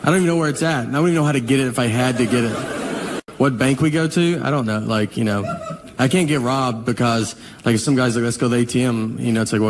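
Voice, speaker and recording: A man performing a stand-up comedy set, telling bewildered, deadpan stories and acting out quotes, with audience laughter between lines. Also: medium pitch, background noise. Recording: live audience laughter behind.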